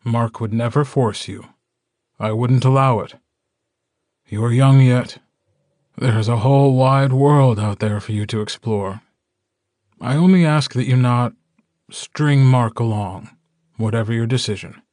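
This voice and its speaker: A man voicing a calm, kindly male werewolf alpha in an audiobook, speaking in a measured, gentle way. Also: mid-range voice, no room sound, clean studio sound, natural voice. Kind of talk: audiobook character dialogue.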